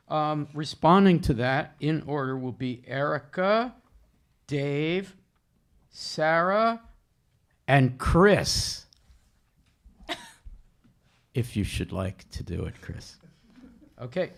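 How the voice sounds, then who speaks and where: A man's voice: on the high side, big pitch swings, drawn-out words, pauses often. A man hosting a live webcast poetry seminar, enthusiastic and encouraging as he calls on speakers. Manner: enthusiastic, encouraging, laughs often. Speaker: seminar host.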